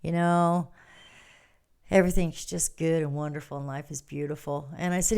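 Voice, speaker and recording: A woman's voice: low-pitched, normal speed, vocal fry, clear, resonant tone. Chatty, laughing woman livestreamer. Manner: chatty and animated, laughs often, reads out viewer comments. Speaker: livestream host. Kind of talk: casual storytelling to a live audience.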